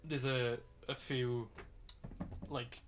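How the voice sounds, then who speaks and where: A man's voice: mid-range voice, flat delivery, very slow, background noise. A British man narrating as dungeon master in a chatty, rambling way with many fillers. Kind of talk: narrating a tabletop game.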